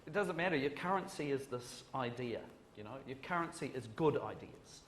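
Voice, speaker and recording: A man's voice: mid-range voice, expressive, normal speed, fairly bright tone. A New Zealand man speaks on a conference panel, rambling and joking at his own expense, often restarting his sentences. His voice rings around an echoey hall over a faint background hiss. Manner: rambling, joking and self-deprecating, with frequent restarts. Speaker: panelist, screenwriter. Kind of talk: panel discussion.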